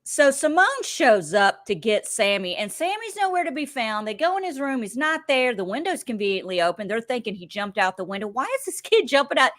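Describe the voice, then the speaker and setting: A middle-aged woman recaps a show in a loose, casual chat. She tells stories with animated energy and acts out other people's lines. Her voice is close and dry, with no room sound. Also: fairly high pitch, brisk, hardly any pauses, dry recording. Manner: animated storytelling, swears freely, acts out quotes. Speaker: podcast co-host.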